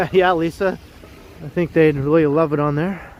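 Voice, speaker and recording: A man's voice: on the high side, steady tone, normal speed, muffled recording, a little hiss or hum. A man from Canada hosting a casual livestream while walking a snowy street, greeting chat viewers by name and laughing often. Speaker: livestream host. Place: snowy city street outdoors at evening.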